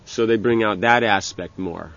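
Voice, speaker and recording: A man giving an informal religious lecture as a spiritual teacher, talking in a halting way with many restarts and "you know". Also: fairly low pitch, creaky, fairly bright tone, dull audio.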